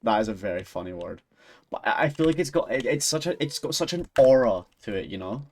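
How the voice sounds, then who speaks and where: Scottish male streamer, young, mid-pitched, chatty and sweary, rambles and giggles through his restarts. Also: lively intonation, fairly quick, darkish tone. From Scotland. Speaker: live streamer. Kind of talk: casual chat with stream viewers.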